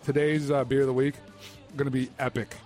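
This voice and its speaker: A man's voice: mid-range voice, level tone, brisk, darkish tone, soft background music. A man on a radio show crew who chimes in eagerly during casual banter.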